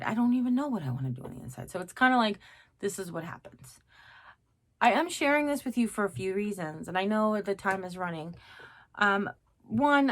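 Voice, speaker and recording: A middle-aged woman talking casually to her viewers in a craft vlog, chatty, rambling and self-mocking. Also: mid-range voice. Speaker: craft vlogger.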